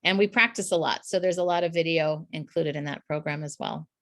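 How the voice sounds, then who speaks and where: A woman from the US Midwest, a communications coach talking as a podcast guest in an energetic, demonstrative way. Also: low voice, fairly quick. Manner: energetic, demonstrative, laughs often. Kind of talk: conversational podcast interview.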